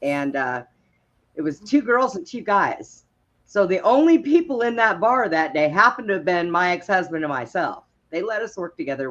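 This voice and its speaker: Laughing woman telling cop stories. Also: sits low. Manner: lively anecdotes, laughs often, acts out quotes. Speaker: guest, former police officer. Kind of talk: casual storytelling on a talk show. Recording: slightly dull, lo-fi sound.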